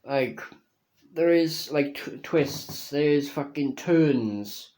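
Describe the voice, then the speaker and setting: A young man casually reviewing a video game, slow and halting, swearing constantly and restarting his words, earnest and emotional. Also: a little high, a little mellow.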